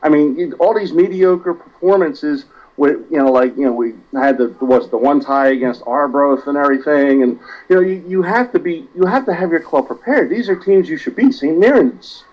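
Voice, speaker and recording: Male caller, profane and animated, slightly high voice, dull lo-fi line. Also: normal speed, hardly any pauses. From South Jersey, USA. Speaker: regular caller. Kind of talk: casual podcast chat.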